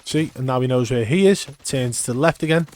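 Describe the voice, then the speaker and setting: A man's voice: mid-range voice, a little fast. A man giving an emphatic, step-by-step commentary on gameplay footage. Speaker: gaming commentator. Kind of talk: video breakdown commentary.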